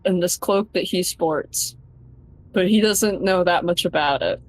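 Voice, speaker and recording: A woman playing her character in a tabletop game, talking slowly and thoughtfully about him, with bursts of loud laughing exclamations. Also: lowish voice, low-quality recording.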